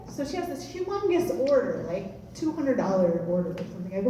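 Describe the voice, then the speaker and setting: Animated woman giving a pep talk. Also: mid-range voice, fast, hardly any pauses, a little hiss or hum. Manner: animated storytelling, laughs often. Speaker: team leader presenting. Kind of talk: motivational sales talk. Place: meeting room with audience. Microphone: far from the mic. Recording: echoey room from far off.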